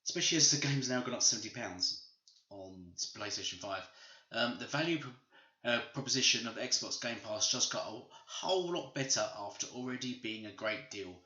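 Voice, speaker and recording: A man hosts a gaming video, hammering home his opinions with emphatic, repetitive phrasing. His voice is sharp and bright. The room echoes around him, and the recording sounds a little dull. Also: mid-range voice, expressive, moderate pace. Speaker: gaming channel host.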